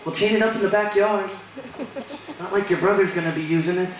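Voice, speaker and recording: A young man with a fairly high voice works through a crude stand-up set, landing his punchlines deadpan. He is picked up from a distance in an echoey bar room, with audible crowd noise and laughter behind him. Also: brisk. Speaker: stand-up comedian. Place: bar stage with live audience.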